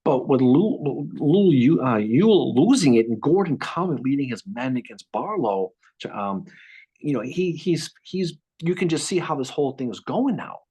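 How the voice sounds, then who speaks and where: Animated husky man telling history. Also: medium pitch, normal speed, muffled recording. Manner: animated, repeats words while thinking, acts out quotes. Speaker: podcast co-host. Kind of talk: casual history podcast storytelling.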